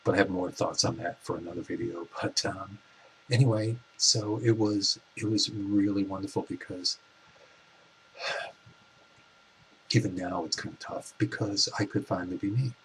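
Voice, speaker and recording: A man in his forties telling a personal story in a soft-spoken, reflective way, with halting restarts. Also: low voice, fairly even intonation, slight background noise, rough recording. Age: 40s. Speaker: vlogger.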